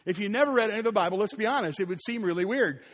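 A man preaching a sermon as pastor, animated, acting out scenes and sometimes dropping very soft. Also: high voice, rapid-fire. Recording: echoey hall with long reverb.

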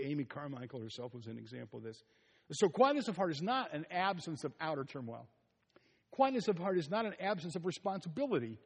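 A middle-aged man preaching a sermon, telling stories with asides and soft chuckles. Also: fairly high pitch, breathy edge. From Ohio. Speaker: pastor. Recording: long reverb of a large hall.

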